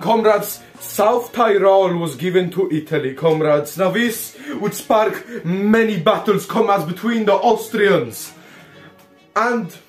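A man hosting a comedic history explainer, joking and swearing and calling his viewers comrades. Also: sits high. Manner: profane, jokey, calls the audience comrades constantly. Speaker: history video host.

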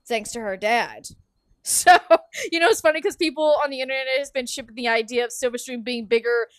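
Picture a young woman streamer with a bright, high voice, giggling and rambling as she plays and answers viewer questions. She is close on a desk mic in a dry, deadened room, and every word sits right up front. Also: brisk, no echo. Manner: giggly, chatty, yawning between sentences. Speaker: streamer and game host. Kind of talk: casual livestream chat while playing.

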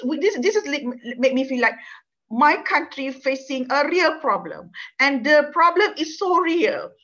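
Speaking with a Malaysian accent, a woman gives a university law lecture that includes a personal story, her slightly high voice fairly bright in tone. Her delivery is earnest and full of feeling, with repeated words and non-native phrasing. The audio sounds dull and lo-fi.

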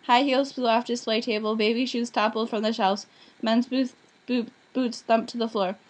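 A woman's voice: on the high side, steady tone, moderate pace. A woman reading a children's novel aloud, voicing each character plainly, with small slips and restarts. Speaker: audiobook reader.

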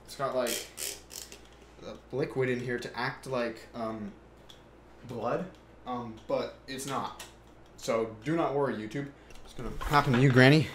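A young man giving horror game commentary, jumpy and excitable, yelling at the game and then talking low and taunting. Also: unhurried, long pauses, slight background noise. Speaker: gaming YouTuber.

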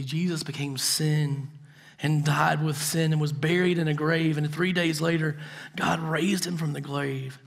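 Pastor, male, slightly higher voice, earnest sermon storyteller who sinks to hushed intensity. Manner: earnest storytelling, drops to soft intense tones. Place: church.

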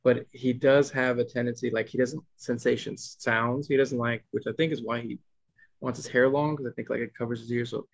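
The podcast host, a man in his thirties, talks briskly in a gravelly mid-range voice with fairly even intonation. It's a casual chat where he meanders through a family story, restarting and mimicking his kids, recorded with a dull lo-fi quality.

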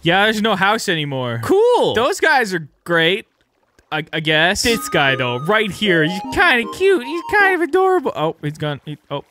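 An excitable man commentates on a game as he plays. He laughs often and talks straight to the creatures. His voice is high and swings widely, and music runs underneath. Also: measured pace, long pauses. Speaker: gaming video host.

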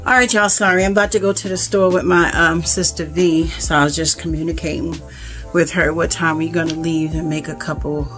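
A woman vlogger telling a story casually, animated and exasperated, with asides to her viewers. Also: sits low, brisk, faint music behind. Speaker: home vlogger.

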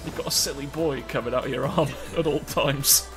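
A man giving casual gameplay commentary as a let's play host, excitable and joking, swearing and laughing often. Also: medium pitch, fairly quick. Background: game music.

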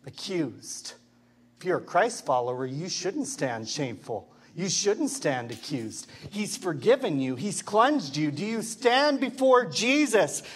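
High-voiced, unhurried male pastor preaching. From Canada. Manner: impassioned preaching with rhetorical questions. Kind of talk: sermon.

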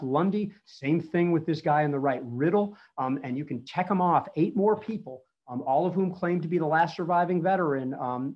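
Man in his fifties, conversational history talk, frequent ums, slightly high pitch, muffled lo-fi audio. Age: 50s. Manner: chatty storytelling with frequent fillers. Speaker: battlefield preservation speaker.

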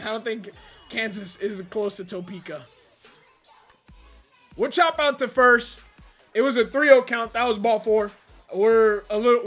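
High bright-voiced frustrated gamer man. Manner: rambling, frustrated, venting with sudden loud outbursts. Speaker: gaming YouTuber. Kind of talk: casual gameplay commentary.

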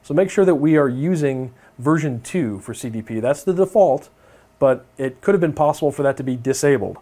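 A young man teaching a networking course in a relaxed, conversational way, often checking in with his listeners. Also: mid-range voice, brisk. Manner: casual, filler-heavy, keeps checking in with okay. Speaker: networking instructor. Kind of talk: technical lecture over screen demo.

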